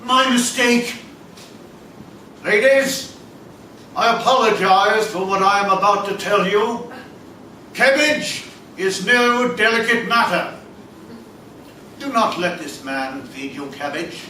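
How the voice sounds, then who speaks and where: A man doing a randy, cheeky sidekick who teases in an unhurried drawl. His voice sits high and bright. The sound is caught from far off in an echoey theater over a faint hiss. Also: full character voice. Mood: mock-earnest. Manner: cheeky, teasing, keeps digressing. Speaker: stage actor. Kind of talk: live stage comedy. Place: small theater stage.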